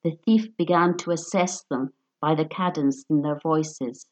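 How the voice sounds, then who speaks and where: A woman reading a story aloud in a measured, even narration. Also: low voice.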